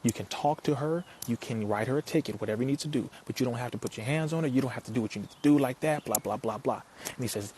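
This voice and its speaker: A man's voice: medium pitch, fast talker. Guy giving a fired-up talk, preachy, keeps asking the crowd questions, bit of hiss behind him. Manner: forceful, preacherly, rhetorical questions, rising to emphatic peaks. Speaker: speaker addressing an audience. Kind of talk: impassioned motivational talk.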